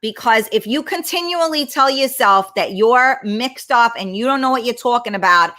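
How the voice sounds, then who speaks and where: A woman's voice: a little high, expressive, moderate pace, pushed and bright. A middle-aged woman, hosting a casual livestream chat, blunt and emphatic, swearing freely as she answers viewer comments. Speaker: talk show host.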